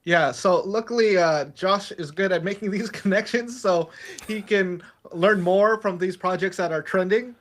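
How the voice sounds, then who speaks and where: Host, male, higher pitched, casual and jokey, heard over a video call. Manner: laughs often, quick, joking asides. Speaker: podcast host.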